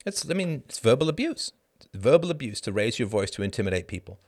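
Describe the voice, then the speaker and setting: A middle-aged man with a mid-range voice reads news text aloud, then interrupts himself with sarcastic asides. His delivery is emphatic and his pitch leaps upward when he gets worked up. This is live-stream commentary. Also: big pitch swings, quick pace, a little mellow. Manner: sarcastic, emphatic, voice rises sharply when indignant. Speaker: podcast host.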